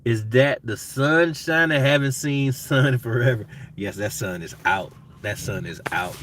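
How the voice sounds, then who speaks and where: A man's voice: medium pitch, expressive, normal speed, fairly bright tone. A middle-aged man, chatting casually with viewers on a gardening livestream, rambling and calling them y'all. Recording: distant mic with faint background noise.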